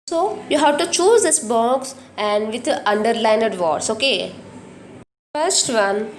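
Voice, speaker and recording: Indian English woman teacher, higher voice, repeats and spells words out, faint hiss behind. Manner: repeats sentences slowly, spells out words, checks with "okay". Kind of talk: classroom lesson explanation.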